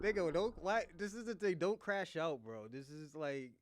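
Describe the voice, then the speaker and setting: A man's voice: on the high side, moderate pace, no room sound, clean studio sound. A man from Boston hosting a casual live chat, teasing and laughing often. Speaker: livestream host.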